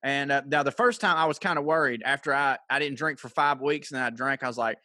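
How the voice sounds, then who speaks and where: A man's voice: medium pitch, quick pace, pushed and bright, no room sound, clean studio sound. A man, co-hosting a podcast with blunt, profane, slangy banter. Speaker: podcast co-host. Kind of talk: casual chat.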